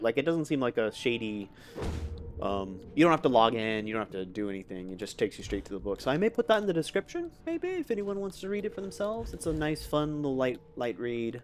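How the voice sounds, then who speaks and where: A man giving casual, rambling commentary as he plays a video game, chatty and self-amused. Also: medium pitch. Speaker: let's play host.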